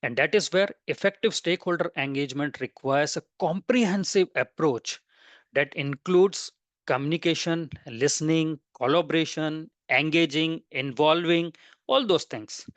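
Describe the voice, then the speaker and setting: A man's voice: a little high, moderate pace, fairly bright tone, no room sound. A man presenting a webinar lecture, explaining step by step and listing terms one after another.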